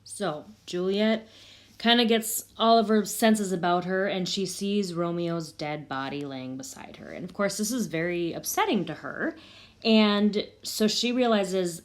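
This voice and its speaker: A woman's voice: on the low side, unhurried. A woman, probably a teacher, casually retelling a play scene and paraphrasing its lines in everyday words.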